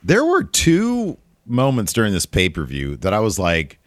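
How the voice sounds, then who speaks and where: Deep-voiced man in animated podcast chat. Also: no room sound, studio quality. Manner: animated, profane, quick asides. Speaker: podcast co-host. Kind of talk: casual wrestling review chat.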